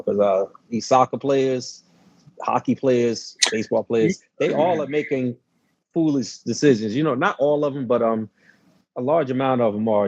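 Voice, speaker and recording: A man co-hosting a sports podcast, talking in a laid-back, halting way with many fillers. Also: medium pitch, creaky, a little mellow, no room sound. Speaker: podcast co-host. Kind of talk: casual sports podcast talk. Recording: dull lo-fi sound.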